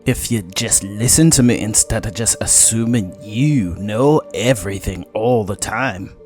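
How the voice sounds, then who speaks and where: A man voicing a blunt, hotheaded fae warrior woman who talks back loudly and defensively. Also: on the low side, a little slow, soft background music, close to an everyday voice. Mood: indignant. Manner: snapping, defensive, loud.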